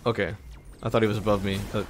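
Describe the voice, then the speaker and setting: A young man streaming a shooter game, grumbling sarcastically at teammates and bursting into frustrated shouts. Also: on the low side, level tone, fast talker, a little hiss or hum. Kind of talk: live gameplay commentary.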